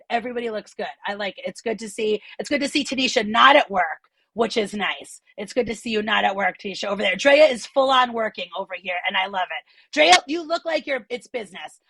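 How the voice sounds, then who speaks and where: A woman comedian doing animated, self-deprecating stand-up from home over a video call on her phone. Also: a little high, gravelly, breathy edge, no room sound.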